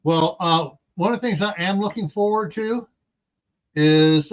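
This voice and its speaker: A man from California hosts a casual livestream chat. His voice sits a little higher than most men's. He rambles from point to point and throws in sarcastic asides. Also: a little slow. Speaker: host.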